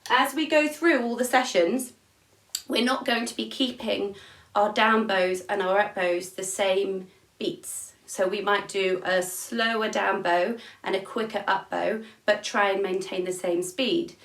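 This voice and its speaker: A woman's voice: medium pitch, steady tone, measured pace, a bit bright. Woman teaching music in an echoey room. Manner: encouraging, counts beats aloud. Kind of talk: online music lesson for young children. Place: at home, room with instrument. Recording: echoey room, mic at a distance, noisy.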